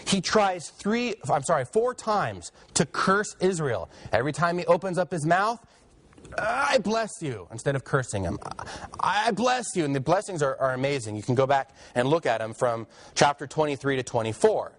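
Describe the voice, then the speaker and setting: Chatty male Bible teacher, fairly high voice. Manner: lively, conversational, joking asides, quick restarts. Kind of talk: casual classroom lecture.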